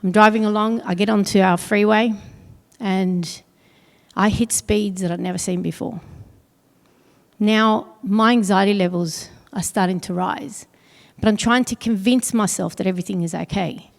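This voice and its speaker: A middle-aged woman telling a personal story on stage at an awards event, earnest and pausing heavily. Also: mid-range voice, fairly even intonation, gravelly. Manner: earnest, heavy pauses, quotes others in dialogue. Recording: long hall reverb.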